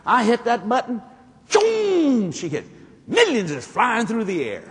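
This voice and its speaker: Animated preacher man in a reverberant hall. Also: high-pitched, moderate pace, slight background noise. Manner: animated storytelling, acting out dialogue, jumping to shouts. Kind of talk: sermon.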